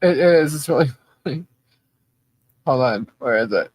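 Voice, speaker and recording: A woman's voice: sits low, lively intonation, unhurried, darkish tone, breathy edge, dry recording. A woman co-hosting a podcast, chatty and scattered as she hunts for a video, laughing often. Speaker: podcast co-host. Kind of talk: casual chat.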